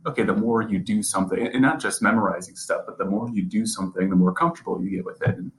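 A man's voice: on the low side, steady tone, fast talker, poor audio. A young man, a sports reporter, talking earnestly as a podcast guest, often repeating and restarting words. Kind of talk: casual interview conversation.

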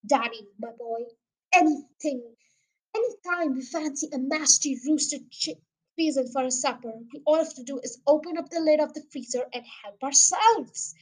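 Woman reader as a boastful, overjoyed father; grand, exuberant delivery, high-pitched. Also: normal speed, lightly acted, low-quality recording. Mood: jubilant. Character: jubilant grown man, a boy's proud father.

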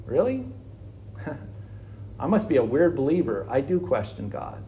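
A man's voice: medium pitch, expressive, a little slow, dark tone, slight background noise. A man preaching an earnest sermon on struggling faith, full of rhetorical questions. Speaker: pastor.

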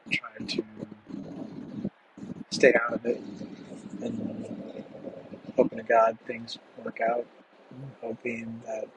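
A man telling a personal story from his past in a halting, measured way with long pauses. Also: medium pitch, background noise.

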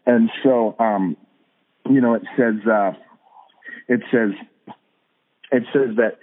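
This man's voice sits at a medium pitch and moves slowly. Speaking earnestly as a podcast guest, he discusses hearing God in a casual faith chat, with lots of fillers and restarts, over tinny phone-like audio.

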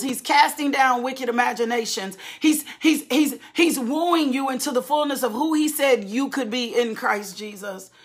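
A woman's voice: sits high, a bit bright. A woman preacher delivering a fervent sermon in a repetitive, rhythmic preaching cadence, calling on her listeners to respond.

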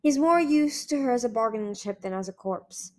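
A wry young male desert dragon from a storybook, cracking dry jokes in a raised, lively voice, as a woman reading aloud puts him on. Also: on the high side, brisk, natural voice. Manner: wry, joking.

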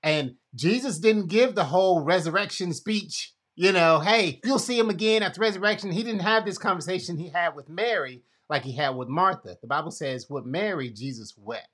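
A man's voice: sits high, moderate pace, hardly any pauses, a bit bright, breathy edge. A man hosting a casual conversation, retelling a Bible story expressively and acting out quotes. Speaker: podcast host.

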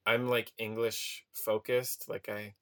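A man in casual podcast chat, relaxed and wry, leaning on "um" and "like" as he talks. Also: on the low side, slow pace. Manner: relaxed, full of fillers like "um" and "like", wry. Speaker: podcast co-host, new teacher.

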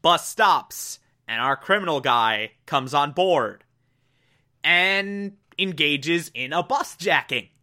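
A man's voice: a little high, expressive, slow, pushed and bright. A man casually recapping an anime plot, rambling with many fillers and restarts.

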